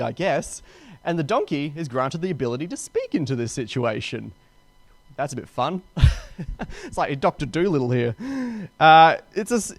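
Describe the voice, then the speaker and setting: A young man, a pastor, retelling a Bible story in a casual, chatty way and slipping into quick voices for the characters. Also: fairly high pitch, no room sound.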